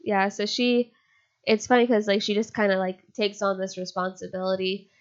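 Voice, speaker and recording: A woman's voice: medium pitch, little pitch movement, moderate pace, clear, resonant tone, muffled recording. A congested, slightly breathless woman co-hosting a casual Bible study podcast, chatty and upbeat with a lot of "like". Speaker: podcast co-host. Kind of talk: casual Bible study chat and reading aloud.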